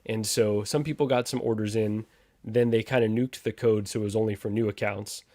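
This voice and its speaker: A man's voice: lowish voice, steady tone, fairly quick, warm tone, no room sound, clean studio sound. A man hosting a casual livestream chat, reading out viewer comments and trading sarcastic jabs with a laugh. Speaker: podcast host reading live chat.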